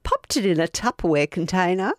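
A woman spins a story for a podcast, her voice a touch low and playful. She talks casually and now and then slips into mock voices. The sound is dry and close to the mic. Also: lively intonation, fairly quick, dry recording. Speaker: podcast co-host telling a story.

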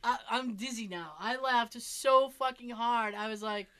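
A woman's voice: on the high side, unhurried, fairly bright tone. A woman chatting casually, telling funny family stories with lots of swearing and laughter. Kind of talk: casual chat.

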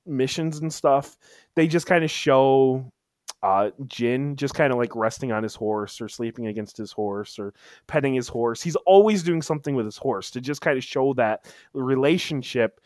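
A man's voice: mid-range voice, moderate pace, a little mellow, dry recording, clean studio sound. A man chatting casually as a podcast co-host, telling a story with lots of restarts and emphatic bursts. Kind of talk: casual chat.

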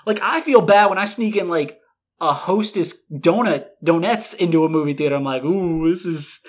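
Lively, swearing podcast co-host. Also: medium pitch, normal speed. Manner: animated, swearing rants with exaggerated quotes. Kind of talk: casual movie chat.

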